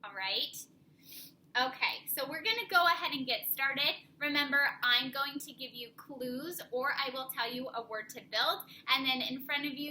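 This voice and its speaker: A young woman teacher giving a slow, clear, encouraging spelling lesson to young children from her classroom. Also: high-pitched, sharp tone, slight background noise, poor audio.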